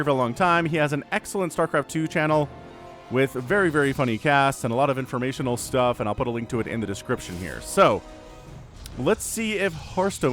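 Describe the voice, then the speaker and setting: A man casting a video game match on his own, with energetic, playful play-by-play commentary. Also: fairly high pitch. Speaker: esports caster. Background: faint background music.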